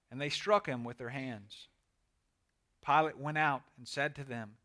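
Male pastor, earnest and measured, forceful, clear tone. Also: on the high side. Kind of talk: scripture reading and prayer.

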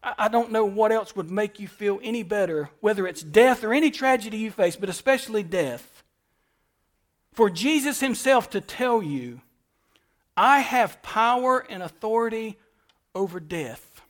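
A man with a high voice preaches from a church pulpit. He drives his points home with repeated phrases and lets his volume swell and fall as he goes. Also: lively intonation, normal speed. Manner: preaching with emphatic repetition, swinging between soft and loud. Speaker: pastor. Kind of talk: sermon.

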